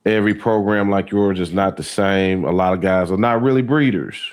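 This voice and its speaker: Guy hosting a dog podcast, super deep voice, laid back and halting. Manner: relaxed, halting, with many fillers. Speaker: podcast host. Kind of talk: casual interview.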